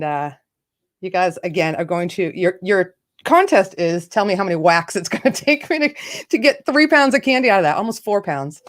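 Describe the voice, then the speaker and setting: A woman hosting a casual livestream, greeting viewers by name and laughing often. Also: lowish voice. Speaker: livestream host. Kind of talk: casual live chat.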